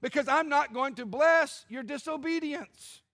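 A man's voice: extremely high pitch, a little slow, fairly bright tone, voice pushed up, full character voice. A man voicing God as a blunt, impatient male figure who scolds his leader. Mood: stern.

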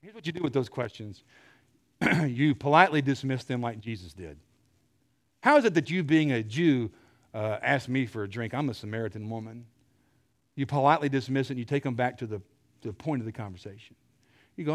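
A middle-aged man preaching a sermon, telling stories with animated energy and clearing his throat often. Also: mid-range voice, brisk, pauses often.

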